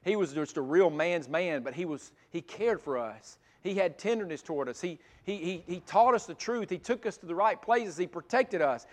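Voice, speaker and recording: High-voiced man preaching with big swings. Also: moderate pace, hardly any pauses. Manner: expressive preaching, swings from loud emphatic to soft intimate. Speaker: pastor. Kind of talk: sermon.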